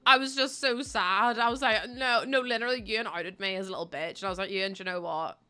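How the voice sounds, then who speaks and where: Young northern irish woman streaming, bright voice, sweary, laughing her way through stories. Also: medium pitch, fast talker, clear, resonant tone, soft background music. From Northern Ireland. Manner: chatty, swearing, laughing storyteller. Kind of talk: casual chat while building in a game.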